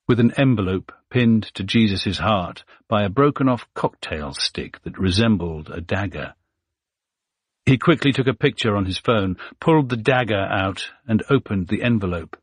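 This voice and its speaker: A man narrating a suspense thriller audiobook in a steady, measured way. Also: on the low side, slightly rough, no echo, clean studio sound.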